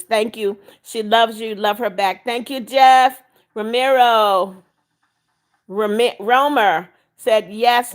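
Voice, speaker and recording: An older woman with a fairly high voice hosts a live stream. She reads viewers' comments aloud and greets each person by name. She turns firm and scolding when someone breaks her rules. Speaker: livestream host. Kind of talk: live chat reading.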